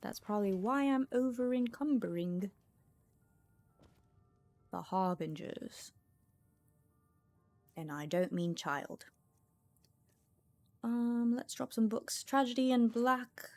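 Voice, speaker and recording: A woman's voice: a little high, animated, a little mellow. Chatty woman streamer thinking aloud. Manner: thinks aloud to herself, chatty, quick laughs. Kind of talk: casual gameplay commentary. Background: faint music.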